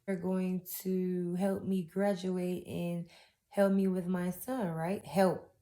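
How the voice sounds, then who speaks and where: A woman's voice: lowish voice, little pitch movement, slow, dark tone. A young woman, telling her own painful story in a raw, heartfelt testimony. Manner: raw, heartfelt, with Southern-style casual grammar. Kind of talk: emotional personal testimony.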